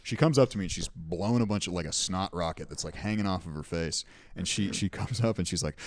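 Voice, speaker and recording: A man's voice: deep voice, fast talker, no echo, clean studio sound. A young man hosting a podcast, telling rambling, profane anecdotes in casual chat. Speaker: podcast host.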